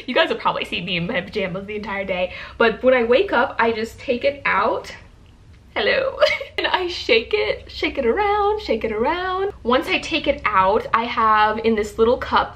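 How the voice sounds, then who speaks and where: A woman's voice: mid-range voice, sharp tone. A young woman vlogging casually at her table, bubbly and chatty, laughing often and filling with "like" and "um". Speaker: book vlogger. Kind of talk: casual morning vlog. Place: indoors at a table by a window.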